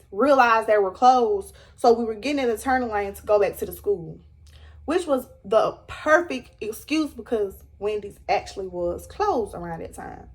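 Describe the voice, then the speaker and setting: A young woman telling a dramatic storytime to her viewers, animated and emphatic. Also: on the high side. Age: young adult. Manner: animated, dramatic retelling with rising squeals. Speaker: storyteller vlogger. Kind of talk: storytime vlog.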